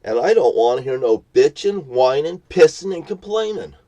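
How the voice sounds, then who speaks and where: A man's voice: on the high side, sing-song, normal speed, warm tone. Man, cursing rant, threatening and preachy, from a parked car. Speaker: vlogger. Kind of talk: ranting monologue to camera. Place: parked vehicle.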